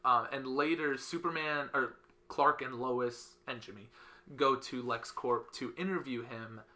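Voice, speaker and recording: Male podcast host, bright tone, animated storyteller. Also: measured pace. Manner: animated storyteller, acts out characters with loud high voices. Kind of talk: casual podcast chat.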